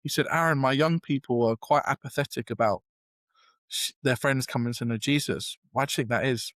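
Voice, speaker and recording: A man's voice: medium pitch, fairly quick, fairly bright tone, no echo. A young British man with a casual, self-deprecating manner, telling a long story in a podcast interview, full of fillers and restarts. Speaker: guest.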